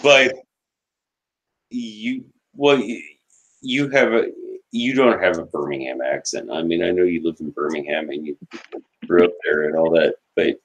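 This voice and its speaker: A man hosting a casual podcast chat, enunciating each word carefully, with halting restarts. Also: deep voice, low-quality recording. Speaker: podcast host.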